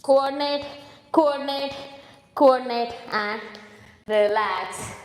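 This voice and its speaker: A woman's voice: sits high, slow pace. A woman leading a home workout class, counting reps and coaching form, out of breath at times. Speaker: fitness instructor. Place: home room with a hard floor. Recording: echoey room with long reverb.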